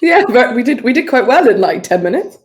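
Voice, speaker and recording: A woman's voice: on the high side, very animated, fairly quick. A woman playing a tabletop game, giggly and pleading in casual role-play. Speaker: player.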